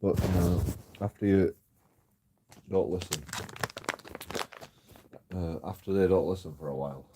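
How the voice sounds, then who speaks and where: A man's voice: sits low, unhurried, long pauses, background noise. Sweary ranting man. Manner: sweary, aggrieved, trails off into mumbles. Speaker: YouTube auditor vlogger. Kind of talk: rambling story-time rant.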